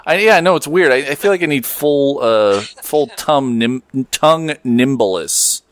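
A man's voice: medium pitch, lively intonation, a little slow. A man hosting a podcast, chatting casually, joking and reading out listener messages. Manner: loose, joking, laughs easily. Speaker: podcast host.

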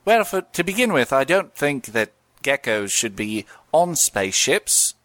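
A man voicing a cheeky male gecko insurance mascot, giving a mock-earnest sales pitch. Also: sing-song, a little slow, a bit bright, no echo. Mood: mock salesman.

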